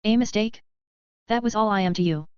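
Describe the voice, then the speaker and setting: A woman's voice: mid-range voice, brisk, clear, resonant tone, no room sound, dull audio, lightly acted. A woman reading a furious, betrayed young queen in an accusing voice. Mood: angry. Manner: angry, accusing.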